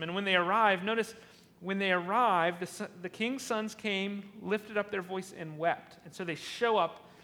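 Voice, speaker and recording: A man's voice: high-pitched, bright, forceful tone, in a large hall. A man preaching a sermon, retelling a scripture passage and acting out its lines, often repeating and restarting words. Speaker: pastor.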